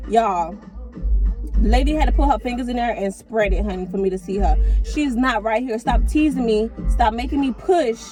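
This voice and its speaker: A woman's voice: on the high side, brisk, warm tone, faint music behind, rough recording. A young woman vlogger telling a candid, chatty storytime straight to her viewers, often calling them "y'all". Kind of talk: casual storytime to camera.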